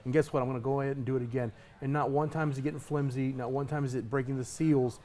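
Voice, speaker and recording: A man's voice: medium pitch, steady tone, racing, a little mellow. A man who competes as a pitmaster, talking in a casual interview with an emphatic, hyped-up delivery and repeated words.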